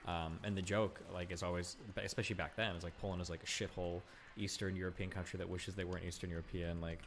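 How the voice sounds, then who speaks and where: Very deep voice, rapid casual talk, man from the US, faint background noise. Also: little pitch movement. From United States. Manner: fast, loose, swears freely. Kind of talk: casual chat.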